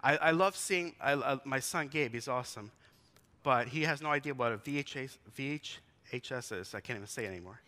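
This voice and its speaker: A man's voice: medium pitch, fairly quick, bright, forceful tone. A man in his forties, a pastor giving a conversational sermon in a church, telling stories and asking the congregation questions. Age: 40s.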